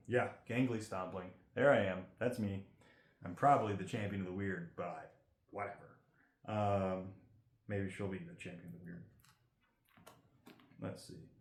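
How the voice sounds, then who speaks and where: A man's voice: lowish voice, vocal fry, slight background noise. A man giving chatty, rambling commentary as he opens trading card packs and reads the card text aloud. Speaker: card collector host. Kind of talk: casual card-opening commentary. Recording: roomy echo.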